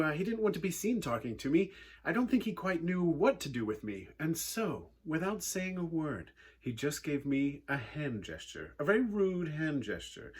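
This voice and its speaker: This English youth speaker's voice is a little high with a breathy edge. He recounts a personal story with animation, wry humor and earnestness, in an English accent.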